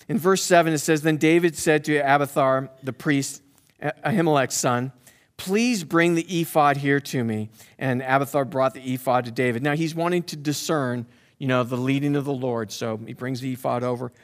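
Man preaching conversationally. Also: medium pitch. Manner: conversational, builds to emphatic preaching. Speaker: pastor. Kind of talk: sermon.

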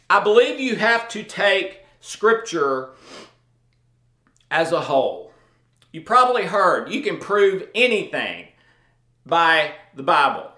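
A man's voice: sits high, pushed and bright, reverberant. A man giving an informal Bible teaching in a conversational way, often checking in with his listeners. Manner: conversational, checks in with "okay?" and "all right?".

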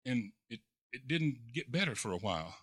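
A man, a pastor, preaching a sermon in a folksy storytelling way, full of repeated words and fillers, moving between quiet reflection and loud, excited preaching. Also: medium pitch, moderate pace, slightly rough, no echo, studio quality.

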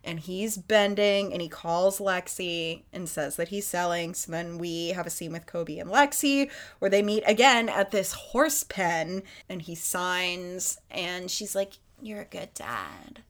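A woman's voice: lowish voice, unhurried, hardly any pauses. A woman hosting a podcast, recapping a film in casual chat, acting out the characters and swearing freely. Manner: animated storyteller, acts out characters, swears freely. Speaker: podcast host.

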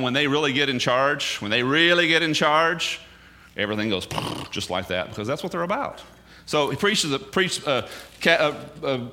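Animated man preaching, bright voice. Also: medium pitch. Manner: animated, swings loud and soft, casual asides. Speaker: bible teacher. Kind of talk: sermon.

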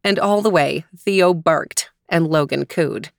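A woman host narrating a children's story in a gentle, expressive voice. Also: sits low, slow, gravelly, no echo, clean studio sound.

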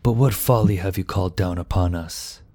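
Suspicious warrior, man narrator putting him on, a bit higher and louder, pressing; fantasy audiobook. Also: normal speed, no echo. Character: wary suspicious male warrior, demanding.

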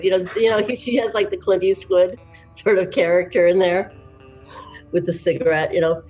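A woman actor as a guest in a casual interview, talking in a chatty, lively way with many restarts and laughs. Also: fairly low pitch, brisk, faint music behind.

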